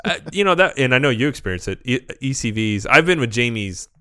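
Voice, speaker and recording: A man's voice: medium pitch, big pitch swings, fast talker, sharp tone, clear, resonant tone, no room sound, studio quality. A man co-hosting a podcast, chatting casually and telling stories with animation. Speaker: podcast co-host. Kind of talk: casual chat.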